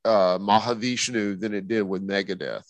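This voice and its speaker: A man's voice: lowish voice, steady tone, normal speed, no echo, rough recording. A man co-hosting a music show in casual talk, joking and teasing with slangy phrasing. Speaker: radio show co-host.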